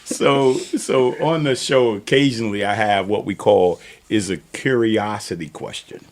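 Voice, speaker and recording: A man's voice: lowish voice, a little slow. A man hosting a podcast, chatting in a loose storytelling manner and laughing often. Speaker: podcast host. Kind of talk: casual conversational interview.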